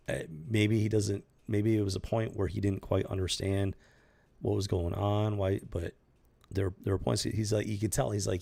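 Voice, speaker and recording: A man with a deep, gravelly voice talks through a story in casual commentary. His tone is husky, and he circles back on his words, restarting phrases as he presses his point. He comes across earnest and unscripted. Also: darkish tone. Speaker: channel host commenting on a news story.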